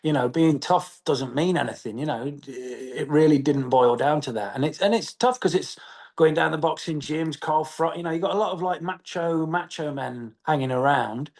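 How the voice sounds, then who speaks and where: Chatty English actor, quick fillers. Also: male voice, on the high side. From England. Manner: animated, chatty, many fillers and restarts. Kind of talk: press junket interview.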